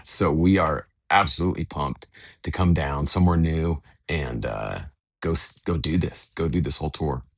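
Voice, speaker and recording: An American man, a touring band's bassist, chatting casually in an interview from a hotel room, relaxed and rambling with lots of fillers. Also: husky, no room sound. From United States. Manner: relaxed, rambling, many fillers and retold dialogue.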